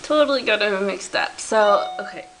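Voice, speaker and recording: A woman's voice: mid-range voice, normal speed, a bit bright, rough recording. A woman telling a comedic story to camera, rambling, interrupting herself and giggling as she loses track. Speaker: vlogger.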